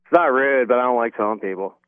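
Deadpan Canadian man on a phone line. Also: medium pitch, quick pace, clear, resonant tone, no echo. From Windsor, Ontario, Canada. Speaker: caller.

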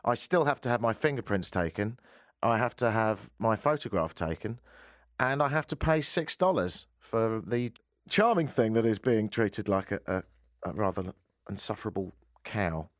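A man from the United Kingdom hosts a casual radio chat show, dropping wry, self-mocking asides. His pitch swings widely as he talks. The sound is dry and close, with no room echo. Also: lively intonation, normal speed. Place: radio studio. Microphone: studio microphone.

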